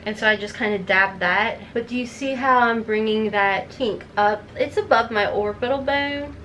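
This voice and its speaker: A middle-aged woman talks through her makeup routine in a loose, chatty way, wandering off into little stories and asides. Her voice sits a touch high, with a faint hiss underneath. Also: a bit bright, low-quality recording. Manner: chatty and rambling, playful asides. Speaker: beauty vlogger. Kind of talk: casual makeup tutorial chat.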